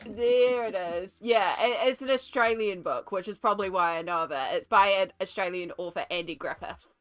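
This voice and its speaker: A woman's voice: mid-range voice, moderate pace, no echo. A woman with a New Zealand accent chatting and telling stories on a live stream while colouring, with frequent laughter. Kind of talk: casual chat while colouring.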